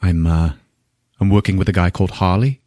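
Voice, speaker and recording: Man doing a hesitant, quiet cop partner. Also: low-pitched, fairly even intonation, a little fast, no echo, studio quality, natural voice. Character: nervous male cop partner.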